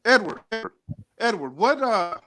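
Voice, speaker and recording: A man calling in to a livestream, speaking haltingly with many restarts and stammers. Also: high-pitched, big pitch swings, over music. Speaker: caller. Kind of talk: call-in chat.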